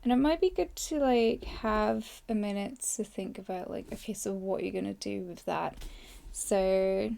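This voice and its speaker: A young woman hosting a podcast, hoarse and tired, rambling through a casual live journaling session close to the mic. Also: mid-range voice, normal speed, mellow. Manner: rambling, filler-heavy, self-deprecating. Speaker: podcast host. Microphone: close microphone.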